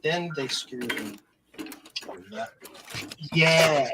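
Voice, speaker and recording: A man's voice: a little high, drawn-out words. A man hosting a casual livestream, assembling a clock kit and joking at his own expense while talking through each step. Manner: self-deprecating, muttering steps aloud while working with his hands. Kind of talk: casual group livestream chat. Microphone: video call. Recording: noisy call audio.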